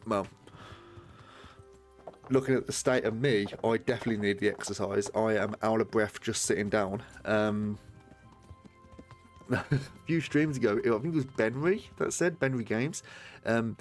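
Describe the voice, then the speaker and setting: A man's voice: lowish voice, normal speed, pauses often, faint music behind. A man streaming a game live, chatting casually in a rambling, sweary way. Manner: rambling, sweary, laughs easily.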